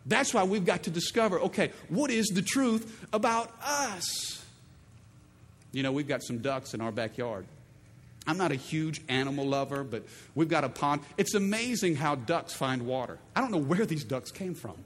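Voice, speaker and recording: A middle-aged male pastor preaches at a moderate pace in a high, lively voice that swoops up and down, full of playful call-and-response. The long reverb of a large church hall carries his sermon, with faint room ambience behind it.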